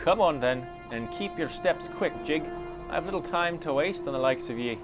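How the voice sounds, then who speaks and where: A man voicing a sharp-tongued young female thief in a game reading, with a put-on folksy dialect. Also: a little high, animated, normal speed, over music, pitched above the performer's own voice, close to an everyday voice. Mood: scornful.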